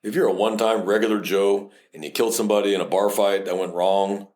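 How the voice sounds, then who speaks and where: A man's voice: on the low side, flat delivery, fast talker, a little mellow. A man from South Texas, a police officer co-hosting a podcast, talking in a blunt, profane, casual way and telling stories animatedly.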